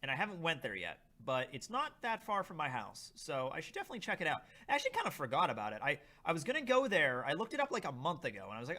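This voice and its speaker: Animated young man chatting on a livestream. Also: fairly high pitch, quick pace, few pauses. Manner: reads chat aloud, tastes snacks, animated and rambling. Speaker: livestream host. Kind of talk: casual livestream chat.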